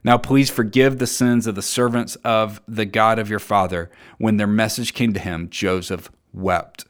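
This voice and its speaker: A man preaching a sermon, earnest and emphatic, reading scripture aloud and dropping low and soft to land his key points. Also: steady tone, moderate pace. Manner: reads scripture aloud and acts out quoted voices.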